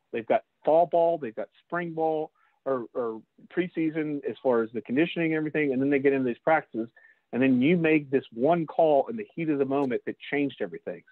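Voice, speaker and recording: A man's voice: fairly high pitch, no room sound. A man, a lacrosse official, leading a casual training session and talking straight to the group, calling them guys. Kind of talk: casual instructional talk. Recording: dry, tinny phone-like line.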